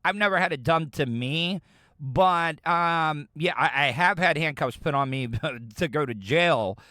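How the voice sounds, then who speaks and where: A man's voice: on the high side, measured pace, bright, forceful tone, no echo, studio quality. A man from the United States hosting a podcast, rambling casually as he reacts to audio clips. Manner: rambling, chatty, frequent restarts. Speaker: podcast host.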